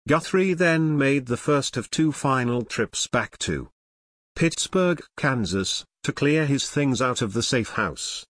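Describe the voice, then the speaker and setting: A man with a mid-range voice narrates a true-crime book in a measured yet expressive way, his delivery rising and falling lively. The recording is dry, with no room sound.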